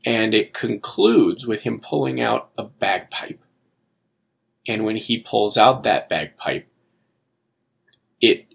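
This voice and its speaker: A man's voice: fairly low pitch, creaky, a bit bright, slightly rough. A man co-hosting a podcast, giving a wry, exasperated movie review in casual chat. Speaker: podcast co-host.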